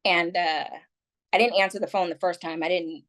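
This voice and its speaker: A woman's voice: fairly low pitch, steady tone, normal speed, fairly bright tone. A woman guest on a podcast, telling a personal story in candid, rambling conversation full of "like" and "um".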